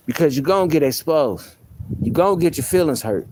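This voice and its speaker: A man's voice: a little high, lively intonation, brisk, background noise. A man venting on a livestream in a blunt, profane, confrontational way about his personal troubles. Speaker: livestream host. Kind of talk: emotional personal rant.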